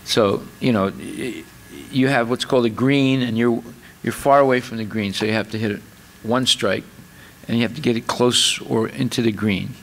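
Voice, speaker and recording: A man of middle pitch delivering a spiritual lecture in a loose, conversational way. He circles back with fillers and repeats words. Now and then he acts out a scene with an exclamation. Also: normal speed, creaky. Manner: chatty and explanatory, lots of fillers and repeats. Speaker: speaker giving a scripture class.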